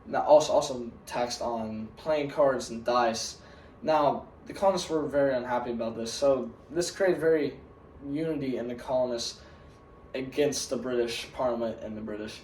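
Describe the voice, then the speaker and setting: A man's voice: mid-range voice, normal speed, a little mellow, a little hiss or hum. A man giving a school history presentation as a pretend museum guide, earnest and starting sentence after sentence with "now". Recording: roomy sound from a distant mic.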